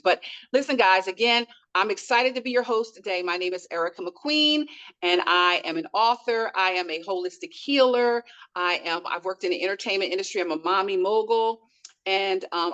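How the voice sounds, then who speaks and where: A woman's voice: medium pitch, a bit bright, clean tone, low-quality recording. A woman hosting a call-in wellness show, speaking in an upbeat, welcoming way as she introduces herself and her guest. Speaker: host.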